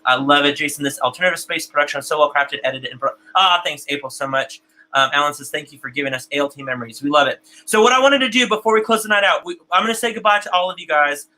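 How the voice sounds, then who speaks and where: Male stream host, bright and slightly high, chatty, repeats himself, emotional, on a video call. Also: fast, low-quality recording. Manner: chatty, repeats words often, gets emotional. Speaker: host of an online theater broadcast. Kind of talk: live-stream host reading viewer comments.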